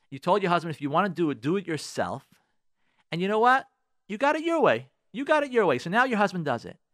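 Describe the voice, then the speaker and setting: A man's voice: a little high, fairly bright tone, no echo, clean studio sound. A man giving marriage advice on a radio talk show, preaching with rhetorical questions and repetition. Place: radio studio.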